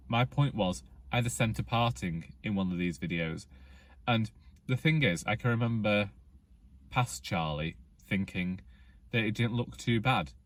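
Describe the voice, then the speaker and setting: A man's voice: fairly low pitch, no room sound. A man, rambling wryly and self-deprecatingly in a casual vlog, talking outdoors in the rain under a hood. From England. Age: 20s. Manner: chatty, self-deprecating, wry. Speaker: vlogger.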